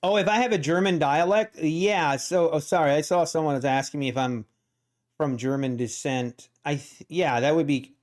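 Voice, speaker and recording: Smooth-voiced man with Pennsylvania Dutch accent. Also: on the high side, normal speed. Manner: rambling, thinking aloud. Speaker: day trader streamer. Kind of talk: live-stream trading commentary.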